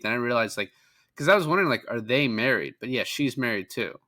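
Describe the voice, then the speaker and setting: A man's voice: medium pitch, lively intonation, fast talker, sharp tone. A man co-hosting a podcast, casually recapping a film in a rambling, profane way. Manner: rambling, profane, quotes characters in passing. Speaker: podcast co-host.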